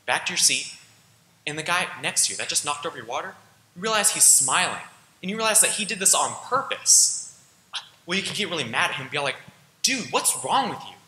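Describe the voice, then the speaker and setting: A man's voice: fairly high pitch, lively intonation, brisk, pushed and bright, a little hiss or hum. Teen boy presenting in an echoey hall. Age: teens. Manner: earnest, casual, addresses the audience directly. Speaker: student presenter. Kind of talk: school presentation. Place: school auditorium.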